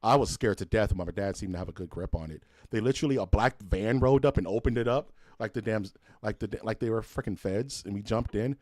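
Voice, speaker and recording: A man's voice: lowish voice, quick pace, few pauses, darkish tone, dry recording. Casual storytelling man on a dry podcast mic. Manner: loose storytelling, swears freely, puts on voices for quotes. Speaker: podcast co-host. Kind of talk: casual chat.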